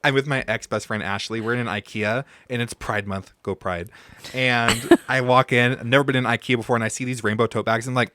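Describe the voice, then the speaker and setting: A man's voice: mid-range voice, fast talker, a bit bright, no echo, studio quality. A young man talking as a podcast guest, telling stories in a playful, camp, teasing way and laughing often. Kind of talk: casual chat, storytelling.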